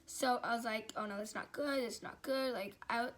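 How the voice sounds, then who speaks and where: A woman's voice: on the high side, fairly even intonation, moderate pace, fairly bright tone. A young woman telling a personal story in a casual, rambling way, full of fillers and restarts. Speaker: vlogger.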